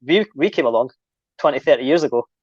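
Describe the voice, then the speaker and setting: A man chatting on an online show, speaking hesitantly with many pauses and ums. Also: mid-range voice, animated, a little mellow, breathy edge, dry recording, muffled recording. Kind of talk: casual online chat.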